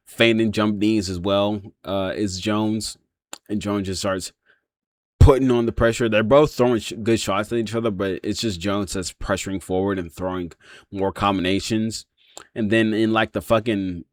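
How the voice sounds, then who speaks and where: A man with a lowish voice talks through a fight breakdown in a loose, rambling way, filling his pauses with 'um' and swearing often. The sound is dry and close, with no room around it. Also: dry recording. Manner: rambling, heavy swearing, many fillers. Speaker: MMA reaction channel host.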